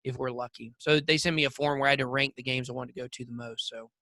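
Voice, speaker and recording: A man's voice: medium pitch, fairly even intonation, fast talker, sharp tone, dry recording, studio quality. A man co-hosting a podcast, telling rambling, jokey stories with lots of fillers. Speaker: podcast co-host. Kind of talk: casual chat.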